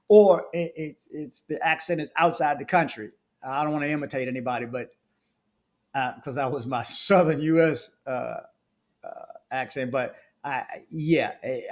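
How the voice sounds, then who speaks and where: A man, a travel vlogger reading reviews aloud and ranting in casual asides with frequent restarts. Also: a little high.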